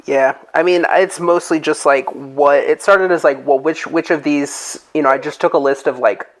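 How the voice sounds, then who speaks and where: A man's voice: on the high side, fairly even intonation, moderate pace, poor audio. A man running a tabletop game, chatting casually on a call and thinking aloud with lots of fillers. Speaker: game master. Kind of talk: casual group chat.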